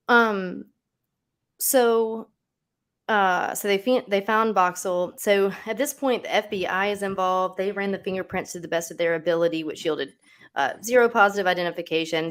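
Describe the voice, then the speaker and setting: A woman hosts a casual true-crime livestream, her voice a bit low. She talks in a loose, conversational way, full of fillers and asides to her co-host. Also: fairly bright tone.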